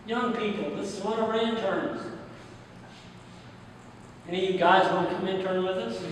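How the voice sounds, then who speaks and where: With a voice that sits high, a man from the United States speaks in a Midwestern accent at a conference in a large hall, taking audience questions. His talk is folksy and plain-spoken, built on stories with quoted back-and-forth. The hall is roomy, he's heard from a distance, and there's slight background noise.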